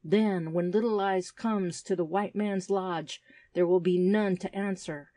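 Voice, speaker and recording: A woman's voice: fairly low pitch, fairly even intonation, a little slow, dark tone, dry recording, close to an everyday voice. A woman voicing an earnest young native boy who speaks in solemn, formal storyteller phrases in an audiobook. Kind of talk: audiobook character reading.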